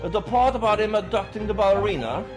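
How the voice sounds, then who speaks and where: A man's voice: high-pitched, expressive, fast talker, music in the background, pitched above the performer's own voice. A man voicing an exasperated, earnest young male lawyer in a raised, flustered voice. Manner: flustered, protesting. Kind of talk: reading game dialogue aloud on a live stream.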